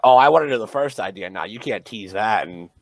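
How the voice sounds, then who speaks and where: Eager stammering interview host. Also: male voice, on the low side, lively intonation, brisk, slight background noise. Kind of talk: casual interview chat.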